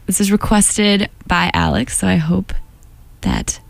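A young woman hosts a college radio show in an easy, chatty way. Her voice sits at a middle pitch, and her talk is loose and friendly, with laughter between songs. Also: wildly swooping pitch, a little slow, creaky, no room sound. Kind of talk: casual radio chat.

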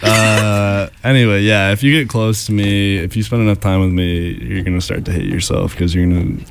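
A man's voice: lowish voice, steady tone, moderate pace, background noise. A young man co-hosting a casual radio show, playful and jokey, tossing in little sound effects.

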